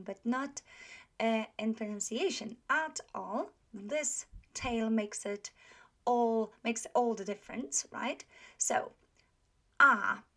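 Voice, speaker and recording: A woman teaching a pronunciation lesson, modelling words slowly and checking with the learner often. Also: a little high, a bit bright. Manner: slow, patient, drawn-out model words; many fillers and checks for understanding. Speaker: language teacher.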